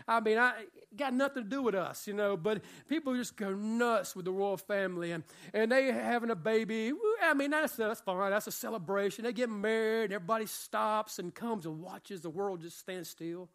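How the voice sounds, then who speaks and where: A man preaching a sermon as pastor, emphatic, swinging between loud passages and hushed ones, with casual slang asides. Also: high voice.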